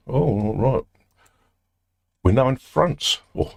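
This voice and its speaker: Older man, low-pitched, dry close sound, rambling casual stream chat, easily sidetracked. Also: measured pace, pauses often, darkish tone, dry recording. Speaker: music producer streaming a session.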